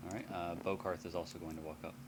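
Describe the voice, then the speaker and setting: A man running a tabletop game as game master, halting and casual. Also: sits low, little pitch movement, noisy background.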